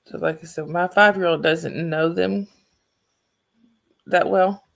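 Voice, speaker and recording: Chatting and rambling with her viewers, a Southern woman hosts a livestream in a lowish, gravelly voice. She speaks slowly with a steady tone, restarting sentences as she goes.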